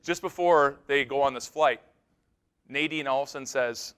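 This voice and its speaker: A male pastor delivers a keynote sermon at a conference, his mid-range voice clean in tone and at normal speed. His storytelling is animated, alternating loud outbursts with quiet, serious stretches.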